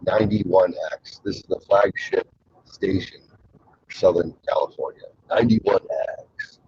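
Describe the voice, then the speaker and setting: A man's voice: low-pitched, unhurried, gravelly, darkish tone, husky, lo-fi sound, full character voice. A man imitating a male radio station announcer with a punchy, promo-style delivery. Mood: hyped.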